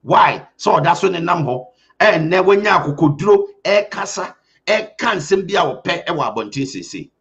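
A man's voice: sits high, expressive, a little slow, gravelly, a bit bright. A man with a Ghanaian accent giving impassioned, urgent commentary as a host, speaking emphatically. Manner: urgent and emphatic, mixing Twi and English. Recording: dull lo-fi sound.

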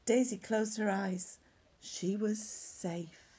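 A woman reading a children's story aloud at church, animated, dropping to hushed whispered asides. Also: mid-range voice, slow, husky.

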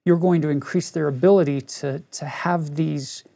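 A middle-aged religion teacher speaks at normal speed, his on-the-high-side voice gravelly yet mellow, with fairly even intonation. Teaching scripture, he shares a personal story in an earnest manner, talking straight to the people listening.

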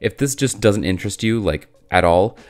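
A man in his thirties hosting his own channel in a chatty, self-deprecating way, his voice roughened by illness. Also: on the low side, animated, normal speed, darkish tone. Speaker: YouTube channel host. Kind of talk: casual talking-head vlog.

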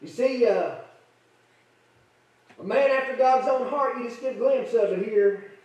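A man's voice: very high-pitched, a little slow, a little mellow. A male preacher telling a folksy story in a sermon, repeating himself with fillers. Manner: folksy, repetitive, filler-laden. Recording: echoey church from far off.

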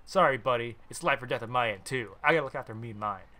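A blunt, impatient freelance writer, voiced by a man reading a visual novel aloud. The tone is bright and sharp, and he talks in clipped, no-nonsense lines. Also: mid-range voice, rapid-fire. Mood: curt. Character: terse hard-nosed male freelance writer.

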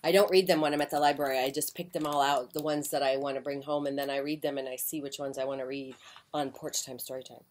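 A woman reading a children's picture book aloud with an expressive voice, breaking off for soft, chatty asides. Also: extremely low pitch, fast talker. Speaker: children's story reader. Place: porch, outdoors.

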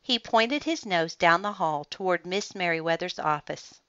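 A woman reading a children's picture book aloud in an expressive, deliberate storytelling manner. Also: fairly low pitch, clear, resonant tone, no echo. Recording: dull lo-fi, dry sound.

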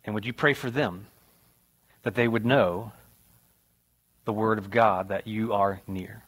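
A young adult man, a pastor, preaching in a church sanctuary and telling a childhood story with lively, rising retellings. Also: lowish voice, a little slow, breathy edge. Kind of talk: sermon.

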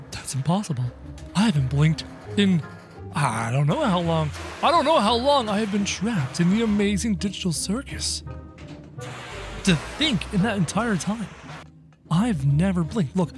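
In this gaming video, the narrator plays a character while commenting, erupting into laughs and yelps with playful excitement. The voice is mid-range.

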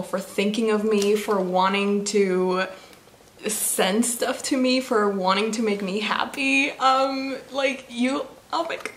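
A young woman vlogging about books she was given, gushing and giggly, with lots of fillers. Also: mid-range voice. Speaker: book vlogger. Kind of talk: casual vlog unboxing. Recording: echoey room with faint noise.

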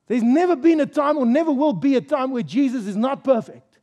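A man with a high voice and a mellow, darker tone preaches a sermon at a church service. He drives his points home emphatically, quizzing the congregation and repeating key phrases. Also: expressive, brisk. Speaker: pastor.

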